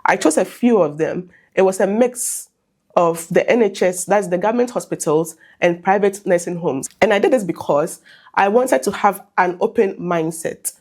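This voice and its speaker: A Ghanaian woman nurse, hoarse from a cold, talking through a scripted vlog with a clear, measured delivery. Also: mid-range voice, a little mellow. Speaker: vlogger, nurse.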